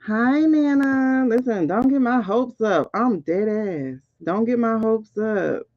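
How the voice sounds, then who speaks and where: A woman hosting a casual spiritual reading, excitable and talking straight to her viewers. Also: a little high, slow, dry recording, highs cut off. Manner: excitable, keeps repeating "hold on". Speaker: spiritual reader and host. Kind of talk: casual livestream card reading.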